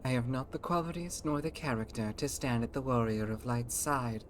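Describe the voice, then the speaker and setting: A woman voicing an earnest, self-doubting fantasy game companion in a breathy voice with formal, archaic phrasing. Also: a bass voice, normal speed, slight background noise. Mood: solemn. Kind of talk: voicing game dialogue aloud.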